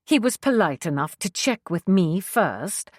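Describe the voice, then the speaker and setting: A woman's voice: on the low side, very animated, a little slow, no echo, studio quality. A woman voicing an officious older secretary from London, prim and lecturing, with a London accent.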